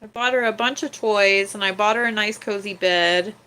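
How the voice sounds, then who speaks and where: A young woman chatting casually on her livestream, often cooing at her cat in a soft baby-talk voice. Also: mid-range voice, moderate pace, clean tone. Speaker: livestream host.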